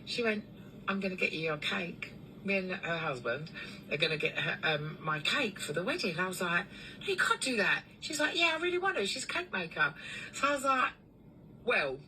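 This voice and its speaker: A woman who runs a cleaning business, telling a long story in a chatty, animated way with lots of fillers. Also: medium pitch, normal speed, recorded from a distance, a little hiss or hum, low-quality recording. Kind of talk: casual storytelling vlog.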